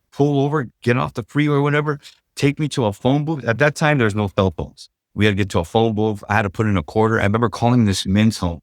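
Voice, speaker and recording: A man's voice: mid-range voice, quick pace, no echo, clean studio sound. A middle-aged man from Southern California telling his life story in a loose, casual way, full of "like" and "you know".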